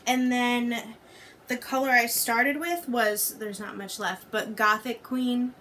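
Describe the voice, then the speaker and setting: A woman's voice: a little high, steady tone, takes it slowly, pushed and bright, slight background noise. A young woman fresh out of college, a podcast guest, chatting casually and hesitantly with many fillers. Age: young adult. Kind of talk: casual chat.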